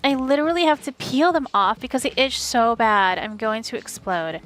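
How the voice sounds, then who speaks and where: A woman reading an audiobook, voicing a pushy, self-absorbed rich young woman in a slow drawl. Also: fairly high pitch, expressive, fairly bright tone, faint music behind, rough recording.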